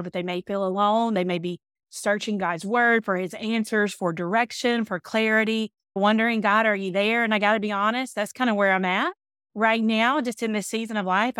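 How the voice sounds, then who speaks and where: A woman's voice: medium pitch, clear, resonant tone, no room sound, studio quality. A woman in her thirties from Alabama with a Southern accent, chatting openly as a podcast guest about her family and faith. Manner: open, chatty, warm storytelling. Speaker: podcast guest, speaker and author. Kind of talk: casual chat.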